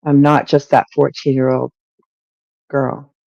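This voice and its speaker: A middle-aged woman, a podcast guest, telling a story in an animated, lively way and acting out her own lines. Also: rumbling low, takes it slowly, creaky, no room sound, dull audio. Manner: animated, lively retelling with acted-out quotes. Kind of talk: storytelling in an interview.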